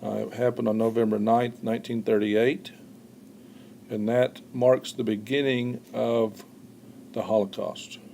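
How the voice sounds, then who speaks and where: A man teaching a history lesson in an explaining tone, often pausing with "uh" and repeating words as he goes. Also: medium pitch, level tone, vocal fry, dark tone, slight background noise. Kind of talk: recorded classroom lecture.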